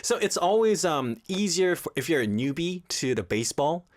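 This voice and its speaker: Animated male radio co-host with a lively, swinging pitch, quick to chime in, studio mic. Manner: animated, chimes in often with "yeah" and "mm-hmm". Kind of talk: casual chat on a radio talk show.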